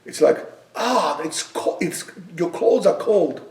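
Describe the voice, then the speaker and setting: A man from Israel, teaching a yeshiva class with animated storytelling and bursts of loud emphasis. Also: high voice, takes it slowly, far from the mic. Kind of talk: classroom lecture. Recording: echoey room, speaker away from the mic.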